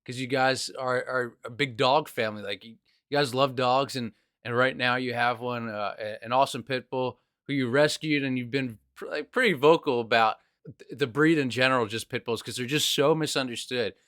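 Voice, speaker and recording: A man's voice: mid-range voice, fairly even intonation, moderate pace, a bit bright, dry recording, studio quality. A man hosting a podcast, chatting casually with his guest, calling him "dude" and often restarting his sentences. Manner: friendly, calls guest "dude", many restarts. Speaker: podcast host. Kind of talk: casual chat.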